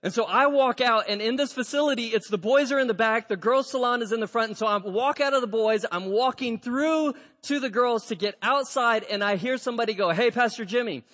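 A man preaching to his congregation and telling a story with lively acted-out dialogue. His voice sits high for a man. The sound rings with the long reverb of a church sanctuary. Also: brisk, few pauses. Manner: animated storyteller, acts out dialogue. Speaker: pastor. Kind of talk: storytelling sermon.

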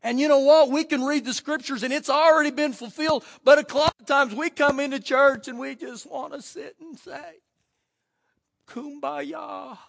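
A man pastor preaching a fervent sermon, swinging from shouts to hushed asides. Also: very high-pitched, steady tone, a little fast, creaky, hardly any pauses. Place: church sanctuary.

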